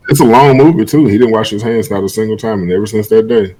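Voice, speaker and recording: A man's voice: lowish voice, steady tone, fast, dark tone, rough recording. A man appearing as a guest on a casual podcast over a video call. He talks in an easygoing way, with hesitant restarts and frequent laughter. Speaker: guest, e-fed runner.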